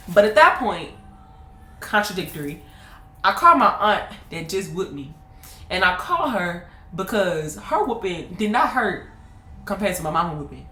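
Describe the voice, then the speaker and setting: A woman in her twenties telling a personal story to her viewers in a casual, animated way, laughing often. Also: lowish voice, normal speed. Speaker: vlogger. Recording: roomy echo.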